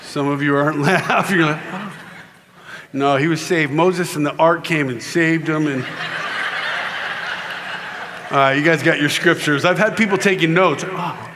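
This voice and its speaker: A man's voice: a little high, normal speed, noisy background. A middle-aged man giving a humorous faith talk to a conference audience, acting out voices as he tells stories. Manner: animated storyteller who acts out voices. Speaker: keynote speaker. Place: conference hall in Louisiana.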